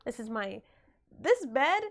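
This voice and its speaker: Young woman streamer, slightly higher voice, easygoing chat with viewers, a little under the weather. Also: sing-song, takes it slowly, background noise. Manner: chatty, reads and answers chat aloud. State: getting over a cold. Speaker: livestreamer. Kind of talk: casual livestream chat.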